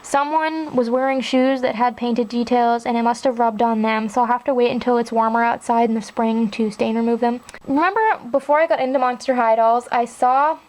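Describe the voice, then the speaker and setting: Chatty high-voiced young woman collector. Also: fairly even intonation, fairly quick, hardly any pauses, darkish tone, low-quality recording. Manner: chatty and enthusiastic, with frequent "like" and "really, really". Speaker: doll collector vlogger. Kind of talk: casual show-and-tell narration.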